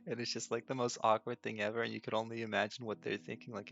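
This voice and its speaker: A man's voice: lowish voice, flat delivery, fairly quick, gravelly, fairly bright tone. A young man hosting a casual solo podcast, telling stories with frequent laughs and a self-deprecating manner. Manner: laughs often, self-deprecating, acts out his own nervous stammering. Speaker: podcast host. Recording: dull lo-fi audio with faint music.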